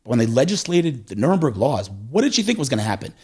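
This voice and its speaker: A middle-aged man talks fast in a relaxed conversational way. His voice is a little husky, and his pitch swings widely as he acts out the people in his stories. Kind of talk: casual conversational storytelling.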